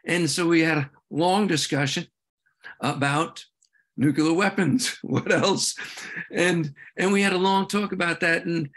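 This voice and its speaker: A man giving an earnest, halting slide talk at a meeting, with many restarts and fillers. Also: fairly high pitch, a bit bright. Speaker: presenter at a veterans' group meeting.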